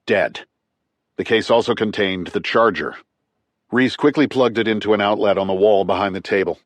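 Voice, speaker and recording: A man narrating a thriller audiobook in a tight, clipped, measured way. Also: lowish voice, dry recording.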